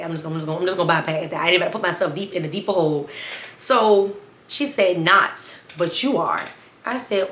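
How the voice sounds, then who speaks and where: A woman, telling a story in a sassy, animated way and talking straight to viewers. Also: on the low side, reverberant. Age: 20s. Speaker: storytime vlogger. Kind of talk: casual storytime.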